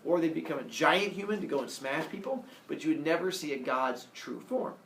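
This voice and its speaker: Playful male teacher storytelling to a class; lively pitch, distant and roomy recording with faint hiss. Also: brisk. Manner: animated, playful, acts out characters. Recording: echoey classroom from far off, faint noise.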